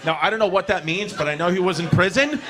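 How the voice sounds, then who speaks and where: A male stand-up comedian in a comedy club, telling stories in a loud, rowdy, profane way on a stage mic. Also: sits high, animated, quick pace.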